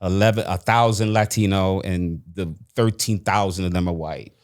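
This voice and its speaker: A man's voice: low voice, steady tone, normal speed. A man in his fifties, a former actor as interview guest, speaking with impassioned emphasis and a preaching cadence. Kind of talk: interview conversation.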